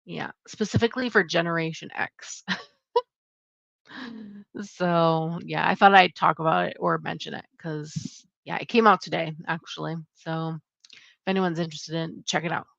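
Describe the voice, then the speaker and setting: A young woman with a lowish, gravelly voice rambles casually through new book releases, full of "um" and "like." The sound is dull and lo-fi, close and dry with no room around it. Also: steady tone, normal speed, a bit bright, dry recording. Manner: chatty, rambling with many fillers. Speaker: channel host. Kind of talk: casual upcoming-releases review.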